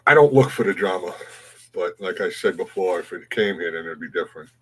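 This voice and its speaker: A man's voice: low-pitched, expressive, a little fast, a bit bright, slightly rough, poor audio. A man hosting a morning livestream, chatting casually and greeting viewers by name. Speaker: livestream host. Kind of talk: casual chat reading viewer comments.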